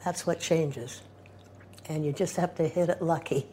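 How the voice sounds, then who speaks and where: Rich: A woman near ninety with a low, mellow voice, chatting in a wry, matter-of-fact way. Faint room ambience sits behind her. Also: steady tone, a little slow, a little hiss or hum. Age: older. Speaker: interviewee. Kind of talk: casual conversation.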